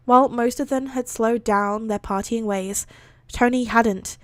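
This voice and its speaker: Woman streamer, light higher voice, dry close sound; giggly fanfic read-aloud with chatty asides. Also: fairly even intonation, unhurried, no room sound. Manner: giggly, breaks off to react and laugh. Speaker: streamer reading fan fiction aloud.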